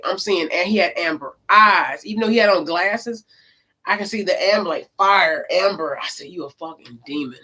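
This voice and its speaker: A woman who reads tarot cards, telling a story in a casual vlog. She talks emphatically and swears, swinging between loud and low. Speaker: tarot card reader.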